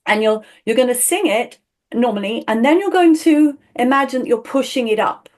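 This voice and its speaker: A woman's voice: on the high side, expressive, moderate pace, darkish tone. Enthusiastic woman voice teacher. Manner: enthusiastic, explanatory, laughs often. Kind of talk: one-on-one voice lesson.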